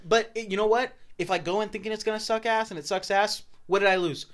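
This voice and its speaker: Young man, podcast co-host, bright tone, a little high, rambling casual chat. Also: fast talker. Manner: rambling, animated storytelling with goofy put-on voices.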